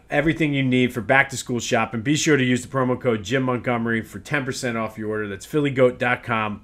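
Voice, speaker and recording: A man's voice: medium pitch, a bit bright. A man hosting a casual solo sports podcast, ranting in a worked-up way with many restarts.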